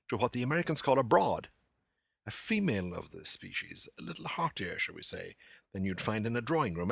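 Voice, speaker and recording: A low-voiced man hosts a literary lecture podcast, his tone bright and forceful over a gravelly, husky grain. He talks in a theatrical, animated way and drops playful asides to his audience. The recording is dry and close. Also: dry recording.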